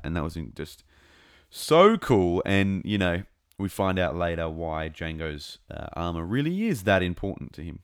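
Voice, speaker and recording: Deep-voiced man, dry close sound, rambling fan talk. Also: clean tone, dry recording. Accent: close to New Zealand. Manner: rambling and enthusiastic, many fillers and restarts. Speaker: podcast host. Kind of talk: casual fan commentary.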